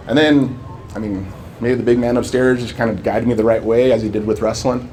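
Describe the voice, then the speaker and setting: A man's voice: medium pitch, brisk, slight background noise. A man in his forties from Southern California, telling his life story to a live audience with earnest storytelling and acting out remembered dialogue. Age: 40s. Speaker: public speaker.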